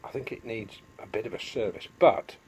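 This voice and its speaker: A middle-aged man talks his viewers through his gear in a relaxed, rambling way. His voice sits low, and he keeps drifting off on homely asides. There is a faint hiss behind him. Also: moderate pace. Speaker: DIY vlogger. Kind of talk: casual chatty vlog.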